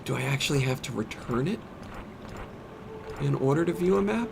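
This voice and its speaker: A man's voice: medium pitch, lively intonation, moderate pace, creaky, background noise. A man streaming a video game, casually thinking aloud and puzzling over the menus. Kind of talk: casual let's-play commentary. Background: game music.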